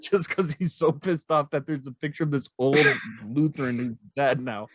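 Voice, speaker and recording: A man's voice: a little high, normal speed, slight background noise. A man co-hosting a podcast, chatting casually and animatedly about movies. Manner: animated, laughs while quoting movies. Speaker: podcast co-host. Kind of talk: casual chat.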